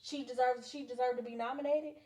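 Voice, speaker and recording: A woman's voice: high voice, steady tone, fairly quick, darkish tone. A woman co-hosting a podcast, pushing back with questions in casual chat. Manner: pushes back, questioning, argumentative. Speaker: podcast co-host.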